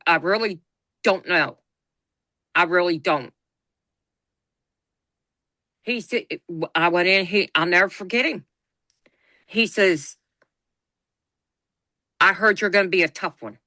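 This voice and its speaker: This podcast co-host, a middle-aged woman, gives a lively retelling of a personal story and voices the quoted dialogue herself. She talks in a mid-range voice at an unhurried pace with frequent pauses, in a dry recording.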